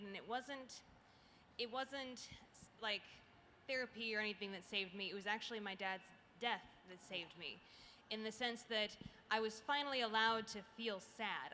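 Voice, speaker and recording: A woman's voice: mid-range voice, sharp tone. A woman telling stories on a convention panel in a casual, chatty way, full of fillers and restarts. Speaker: animation youtuber panelist. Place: large convention hall. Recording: distant reverberant hall, faint noise.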